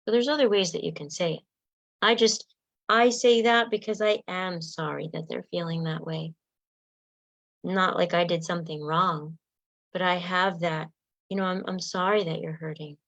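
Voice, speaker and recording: A woman's voice: fairly low pitch, moderate pace, a bit bright, no echo. A woman coach giving a spoken self-help lesson, earnest and direct, often acting out sample lines of what to say.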